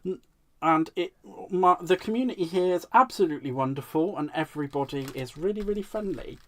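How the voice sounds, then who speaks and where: A man's voice: on the high side, animated, brisk, fairly bright tone. Chatty man crafting live. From United Kingdom. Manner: chatty and playful, talks to himself and viewers with giggles and silly repeated words. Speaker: craft channel host. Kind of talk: casual live crafting chat.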